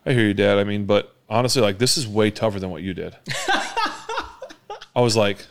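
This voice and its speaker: A man in his forties, a former quarterback hosting a podcast, telling stories in casual chat and acting out the lines of the people in them. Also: lowish voice. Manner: rapid storytelling, acts out quotes.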